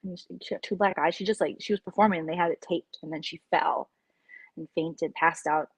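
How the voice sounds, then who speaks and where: Husky-voiced woman chatting on a live stream. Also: lowish voice, fairly even intonation, fairly quick, no echo. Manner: rambling, opinionated commentary, reacting to chat. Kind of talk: casual live-stream chat.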